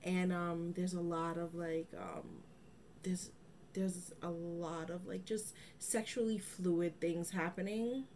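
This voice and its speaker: Female co-host, somewhat low voice, lively casual chat, faint noise behind. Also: slow pace. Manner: chatty, animated, laughs easily. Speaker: podcast co-host.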